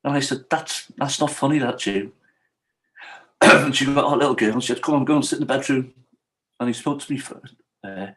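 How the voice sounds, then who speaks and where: A middle-aged Englishman speaks as a podcast guest. He talks in a voice of ordinary pitch. His telling is earnest and emotional, and he acts out the lines of the people in his story. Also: fairly quick, pauses often, a bit bright. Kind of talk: personal storytelling in conversation.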